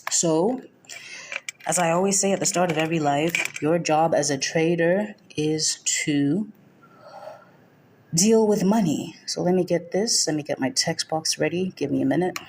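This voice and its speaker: A woman's voice: sits low, normal speed, darkish tone, slight background noise. A woman from Nigeria hosting a livestream trading lesson. She welcomes viewers by name and is firm and direct, repeating her key points. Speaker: forex trading mentor.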